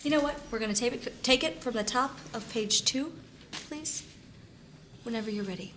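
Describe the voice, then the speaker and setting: A woman playing a pompous, condescending director persona, speaking in an affected, over-sweet and hushed way. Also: on the high side, moderate pace, background noise, close to an everyday voice. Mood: patronizing. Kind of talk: comedy film acting.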